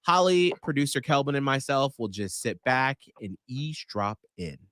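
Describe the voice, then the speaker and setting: A man's voice: medium pitch, sing-song, normal speed, fairly bright tone, no room sound. A man hosting a podcast, bubbly and playful, speaking into a studio microphone. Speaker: podcast host. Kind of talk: casual chat.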